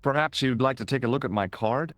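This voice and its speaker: An actor playing an earnest young American tourist hero with an American accent, in classic 1990s game-hero style. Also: male voice, mid-range voice, brisk, fairly bright tone, lightly acted. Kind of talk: video game voice acting.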